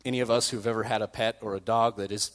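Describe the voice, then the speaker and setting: A man's voice: lowish voice, steady tone, fast. Young youth pastor guy, chatty sermon, lots of hall echo. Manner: casual storytelling preaching, self-deprecating. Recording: long reverb in a hall.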